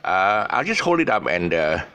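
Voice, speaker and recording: A man's voice: low voice, big pitch swings, normal speed, bright, forceful tone, smooth. A man with a Malaysian English accent giving a casual, rambling pronunciation lesson, full of fillers, restarts and jokey asides.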